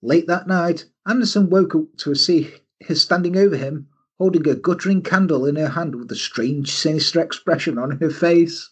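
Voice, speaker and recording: A man hosting a podcast, telling a story in a casual, animated way and often breaking into silly voices. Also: a little high, normal speed, slightly rough. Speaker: podcast host.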